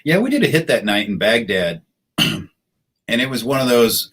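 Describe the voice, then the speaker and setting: A middle-aged American man, a retired soldier and podcast guest, telling war stories in a relaxed, anecdotal way. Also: medium pitch, moderate pace, breathy edge. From United States. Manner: laid-back, anecdotal, acts out quoted voices. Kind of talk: casual storytelling interview.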